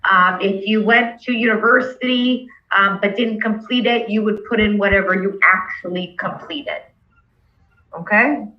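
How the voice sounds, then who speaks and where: A woman's voice: mid-range voice, unhurried, muffled recording. A woman instructor walking a class through steps over a video call, patient and checking in with "okay?" as she goes. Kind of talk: online class walkthrough.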